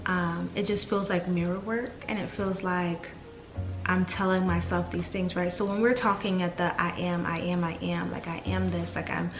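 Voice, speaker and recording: A woman hosting a podcast, reading soft repeated affirmations and then chatting casually and excitably. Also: on the low side, echoey room. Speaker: podcast host. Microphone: desk mic with camera.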